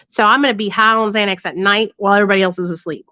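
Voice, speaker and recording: Racing through a candid story for her live audience, this livestream host is blunt, profane and full of tag questions. Her medium-pitched voice is steady with a sharp tone, and the dull lo-fi recording is dry.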